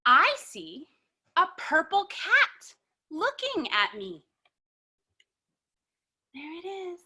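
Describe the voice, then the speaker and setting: Cheerful kids' yoga teacher: a woman with a very high, bright voice and an unhurried, sing-song delivery, recorded in an echoey room. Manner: animated and encouraging, greets children by name; sing-song, drawn-out storybook chanting. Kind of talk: children's yoga lesson.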